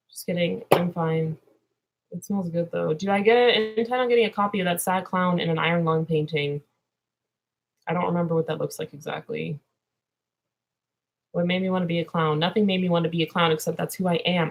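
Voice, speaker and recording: A woman's voice: on the low side, steady tone, a little fast, creaky, a little hiss or hum. A woman vlogging in a clown persona, drifting earnestly from topic to topic and then turning silly. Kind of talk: rambling casual vlog.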